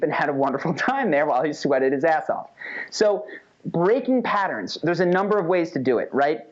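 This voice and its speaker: A man teaching a casual lesson in an animated, conversational way, often checking in with "right?". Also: on the high side. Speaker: instructor. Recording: dull lo-fi recording.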